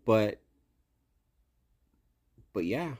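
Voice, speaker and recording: Low-voiced man rambling in casual chat. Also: very animated, drawn-out words, darkish tone. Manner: rambling, swears a lot, trails off with "I don't know". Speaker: podcast co-host.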